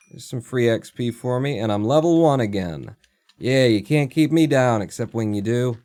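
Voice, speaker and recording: A man's voice: medium pitch, lively intonation, moderate pace, darkish tone. A man streaming a video game, chatting casually and muttering to himself as he plays, with the odd swear word. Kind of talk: casual gameplay commentary.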